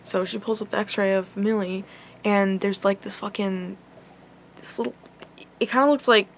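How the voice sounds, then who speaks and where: A young woman tells an upsetting story straight to her vlog audience. She talks in a loose, rambling way, leaning on "like" and swearing freely. Her voice sits in a middle pitch. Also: steady tone, moderate pace, a little hiss or hum. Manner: rambling, heavy use of "like" and swearing; emotional, upset retelling. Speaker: vlogger. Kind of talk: casual storytelling.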